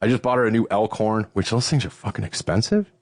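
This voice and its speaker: A middle-aged man from Western New York hosting a podcast, telling stories in a casual, profane way while out of breath. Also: fast talker. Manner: profane, animated storytelling with swooping pitch. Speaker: podcast host. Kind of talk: casual chat.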